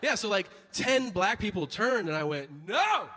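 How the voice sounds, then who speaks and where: A man's voice: sits high, moderate pace. A man doing a stand-up comedy routine, telling stories animatedly and acting out the people in them, with a lot of profanity. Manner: animated storytelling, acts out characters, profane. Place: stage before a laughing audience. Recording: noisy live show recording.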